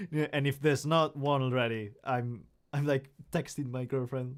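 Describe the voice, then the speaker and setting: A man's voice: mid-range voice, fairly even intonation, slow, pauses often. A young man chatting casually on a live stream from his room, rambling and joking at himself with many restarts.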